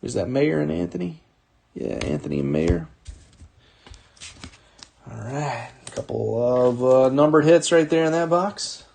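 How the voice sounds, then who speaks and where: Male card-break host, slightly high voice, upbeat live commentary calling out pulls. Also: gravelly, darkish tone. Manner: upbeat, calls out names in quick bursts, chuckles often.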